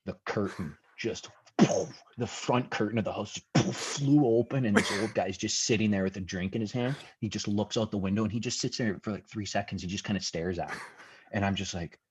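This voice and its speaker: A man in his twenties telling stories as a podcast guest, profane and animated. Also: low-pitched, brisk, husky. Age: 20s. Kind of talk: casual storytelling chat.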